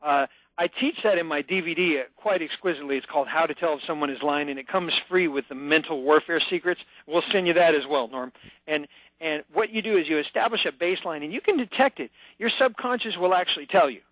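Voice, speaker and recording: A man's voice: a little high, fairly quick, a bit bright, no room sound, low-quality recording. A man as a radio show guest, talking with energy and emphasis, acting out short scenes as he explains. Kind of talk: phone-in radio interview.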